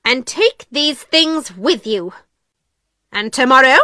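A woman's voice: high voice, animated, slow, pushed and bright, no room sound, studio quality, exaggerated voice. A woman voicing a stern, middle-aged headmistress who speaks in a cold, commanding way.

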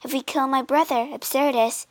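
A woman voicing a bold young sorceress who calls out in a high, urgent voice. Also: steady tone, normal speed, natural voice.

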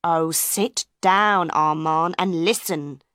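A woman reading the part of a calm, careful man who co-runs an opera house. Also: deep voice, dry recording, clean studio sound. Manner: measured, careful. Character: cautious, calm male opera director.

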